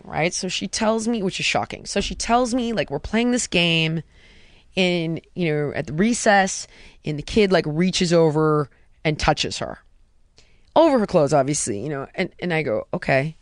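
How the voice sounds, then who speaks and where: A woman's voice: fairly low pitch, normal speed, no echo. Woman host telling a story in a dry room. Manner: animated retelling, drops to a soft hush for quotes. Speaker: podcast host. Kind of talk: casual storytelling chat.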